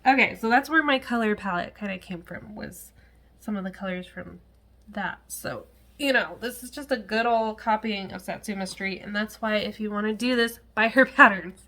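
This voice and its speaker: A woman's voice: mid-range voice, normal speed, pushed and bright. A woman chatting casually to camera at home as a cross-stitch vlogger, rambling with frequent laughs and asides.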